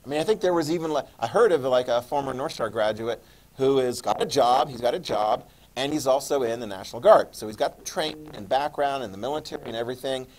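A man's voice: medium pitch, quick pace, a little mellow. A man gives a history lecture to his class in a loose, conversational way. He stops often to ask his students whether they follow, then picks the thread back up. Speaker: history teacher.

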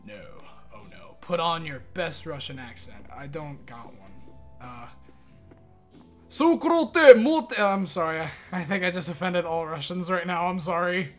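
Bright-voiced excitable young male streamer. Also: fairly high pitch, normal speed, hardly any pauses, soft background music. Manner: excitable, swears, thanks chat often. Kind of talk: live gaming stream chatter.

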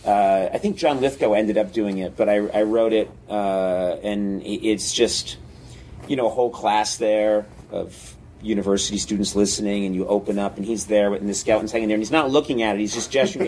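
A man's voice: lowish voice, fairly even intonation, a little fast, darkish tone, slight background noise, poor audio. A man in casual talk, telling an old comedy story with many fillers and laughs, switching between voices as he goes.

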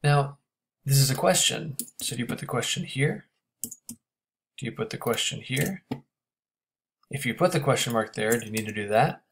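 A man teaching a grammar lesson, explaining step by step and checking in with quick questions. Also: medium pitch, lively intonation, vocal fry, fairly bright tone.

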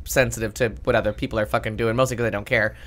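A woman's voice: a bass voice, steady tone, racing, a little hiss or hum. A woman co-hosting a podcast, telling stories in a rambling, swearing, casual chat. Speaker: podcast co-host.

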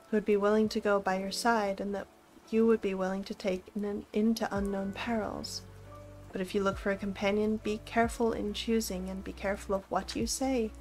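A woman voicing a stern old male wizard, speaking slowly and with deliberate emphasis, reading a storybook aloud. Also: mid-range voice, close to an everyday voice, rough recording. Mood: cautioning.

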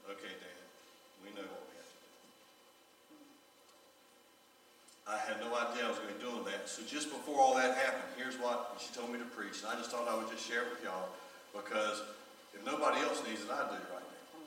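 A pastor preaching a sermon, telling a personal story with emotion, his voice often dropping low and soft. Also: slight background noise. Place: large church sanctuary. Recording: echoey church hall recorded from far off.

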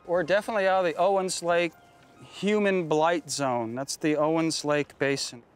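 A man's voice: a little high, fairly even intonation, moderate pace, smooth, soft background music. A man explaining his radio gear outdoors in the desert, rambling and chatty with lots of fillers and restarts. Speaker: radio hobbyist guide. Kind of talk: casual explaining in the field.

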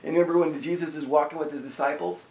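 A man preaching a sermon in an energetic, conversational way, often asking the listeners "amen?". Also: fairly high pitch, fast talker, roomy sound, rough recording. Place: house church room.

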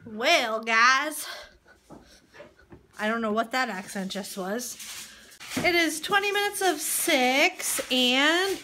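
A woman's voice: high voice, animated, slow, bright, forceful tone. A woman hosting a casual home vlog, chatting to viewers and her dogs in the kitchen. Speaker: vlog host. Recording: noisy home recording.

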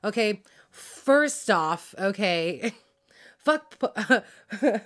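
A drama reaction vlogger vents about a TV drama in a casual, heated video, cursing constantly, filling gaps with fillers, laughing, and frazzled enough to lose track of names. Her voice is medium-pitched, expressive, fairly bright, and very slow.

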